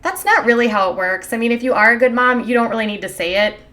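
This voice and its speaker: A woman's voice: fairly high pitch, lively intonation, fast talker, pushed and bright. A woman giving casual, sarcastic livestream commentary in a rambling, opinionated way with frequent fillers. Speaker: gossip commentary streamer.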